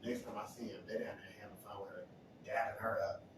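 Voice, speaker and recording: A man's voice: lowish voice, quick pace. A man telling a casual story, acting out what people said and laughing often. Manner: animated, acts out quotes, laughs often. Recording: echoey room, distant mic, steady noise.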